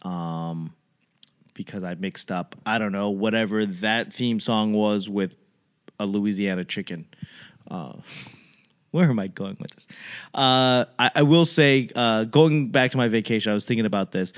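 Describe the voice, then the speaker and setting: A man's voice: fairly low pitch, unhurried. Rambling man telling stories. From Boston, USA. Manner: rambling, self-deprecating, loses his train of thought. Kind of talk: casual comedic monologue.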